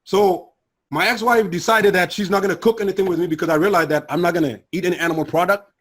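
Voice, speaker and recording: A middle-aged man tells his personal testimony in an earnest, emotional way. His voice sits a bit high for a man and has a husky, breathy edge. He sinks low and quiet when the memories turn hard. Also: fairly even intonation, fast. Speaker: guest sharing personal testimony.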